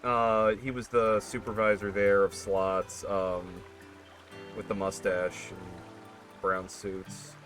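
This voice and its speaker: A man's voice: on the low side, level tone, slow, fairly bright tone, soft background music. A man streaming a game while telling rambling, self-correcting stories about work. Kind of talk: casual chat while gaming.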